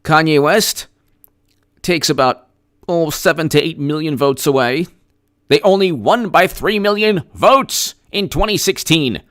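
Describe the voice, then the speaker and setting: A man's voice: fairly high pitch, measured pace, fairly bright tone, dry recording, studio quality. A man giving solo political commentary, arguing his points with rhetorical questions, restarts and scoffing laughs. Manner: frequent restarts and fillers, mocking laughs.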